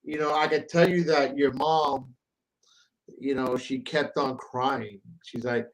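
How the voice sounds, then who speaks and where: A man hosting a casual chat show, relaxed and easygoing, swearing now and then. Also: medium pitch, normal speed, poor audio. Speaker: host.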